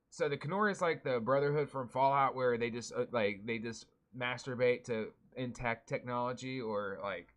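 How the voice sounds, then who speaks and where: A man co-hosting a podcast, rambling and swearing freely in casual chat. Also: mid-range voice. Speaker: podcast co-host.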